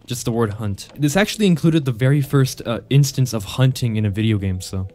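A man giving casual, joking commentary over gameplay. He laughs often and mixes sarcastic mock praise with excited outbursts. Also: medium pitch, fairly quick.

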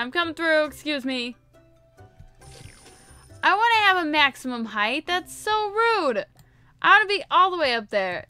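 A woman's voice: sits high, bright, forceful tone. A woman giving casual, playful let's-play commentary, chatting to her viewers and repeating herself often. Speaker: gaming video host.

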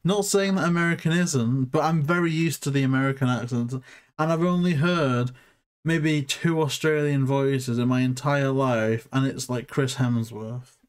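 A man's voice: medium pitch, a little slow, smooth. A man from the UK, co-hosting a casual review podcast, talking in a playful, rambling way and getting defensive in the banter. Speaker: co-host.

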